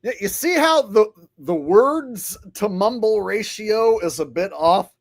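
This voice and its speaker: Sarcastic rambling male vlog host, fairly high voice, very dry close sound. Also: animated, slow pace, dry recording. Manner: sarcastic, rambling, mocking, laughs a lot. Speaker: vlogger host. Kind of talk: casual commentary.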